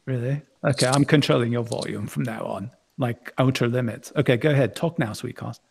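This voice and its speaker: A man's voice: mid-range voice, fairly quick, gravelly, a little mellow, breathy edge. A man hosting a casual live stream, teasing his guests and laughing often. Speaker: stream host.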